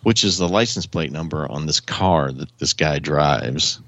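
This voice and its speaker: A man on a casual podcast chat, telling a long rambling story with animated energy and frequent chuckles, heard over dull lo-fi call audio. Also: very deep voice, a little slow, no echo. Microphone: remote call audio.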